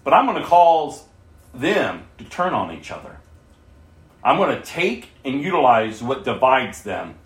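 A man preaching a sermon and reading scripture aloud, swinging between loud bursts and soft asides. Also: mid-range voice, big pitch swings, measured pace, reverberant.

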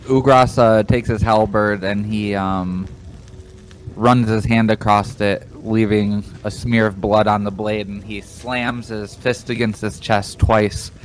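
Low-voiced man narrating his character. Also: little pitch movement, soft background music. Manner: describes his character's actions with halting fillers. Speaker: player. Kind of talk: tabletop role-play.

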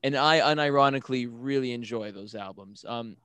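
A man chatting casually, hesitant and repeating his words as he works out his thoughts. His voice is smooth and clear, recorded dry and close with no room sound. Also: mid-range voice, a little fast, a bit bright, no room sound. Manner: hesitant, repeating himself as he talks. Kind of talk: casual chat.

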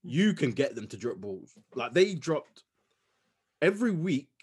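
A playful man co-hosting a sports podcast, his pitch jumping up and down in easy banter. He talks casually and pokes fun at himself. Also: very animated, a little slow, husky. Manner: playful, jokey, self-mocking. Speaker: podcast co-host.

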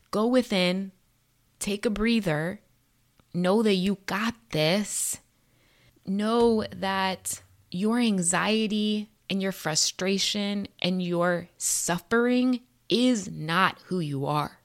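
A woman giving a spiritual tarot and astrology reading in an earnest, encouraging way, casually profane and slangy. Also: medium pitch.

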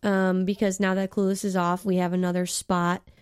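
A woman's voice: on the low side, normal speed, clear, resonant tone. Chatty young woman podcast co-host. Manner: chatty, animated, quotes lines in put-on voices. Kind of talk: casual chat about a movie.

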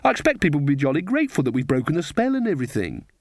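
A man voicing a timid, soft-hearted young witch in an audiobook, hesitant and earnest. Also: a little high, big pitch swings, rapid-fire, no room sound, studio quality. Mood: insistent. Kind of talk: audiobook character voice.

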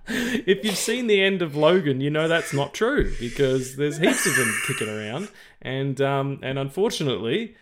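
A man's voice: on the high side, big pitch swings, normal speed, noisy background. A man co-hosting a film podcast, talking casually and rambling, with lots of fillers, restarts and swearing. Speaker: podcast co-host.

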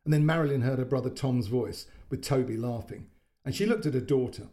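A man narrating a short story in a measured, descriptive way. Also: medium pitch, warm tone.

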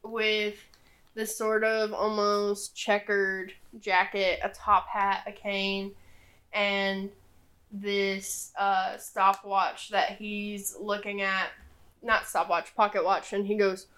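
A young woman narrating a tabletop game as game master, in a relaxed way with many fillers. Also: mid-range voice, slow pace.

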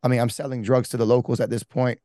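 A man's voice: medium pitch, flat delivery, fast, dark tone, no echo, clean studio sound. A man, a pastor, telling his life story candidly in a rambling, casual way with slang and restarts. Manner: rambling, with many restarts and fillers. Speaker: pastor giving his testimony. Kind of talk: candid personal testimony.

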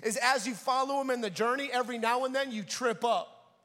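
Brisk and very high-voiced, a young preacher shares a personal story from the pulpit of a large hall. He is an animated storyteller who acts out the voices of everyone involved.

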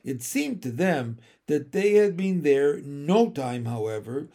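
A man reading a children's storybook aloud in a measured, expressive way. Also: a little high. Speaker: audiobook reader. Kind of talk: storybook narration.

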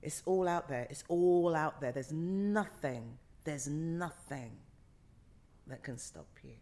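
A middle-aged woman, an actor guest in a casual interview, talks slowly in a deep, warm and animated voice. She is passionate and emphatic, with repeated phrases for emphasis.

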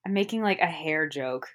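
A woman's voice: sits low, a bit bright. A woman in casual chat as a podcast co-host, rambling and giggly with many restarts.

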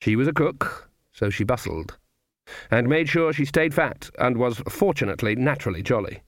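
A man narrating an audiobook in measured storytelling. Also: medium pitch, expressive, no room sound, clean studio sound. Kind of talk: scripted narration.

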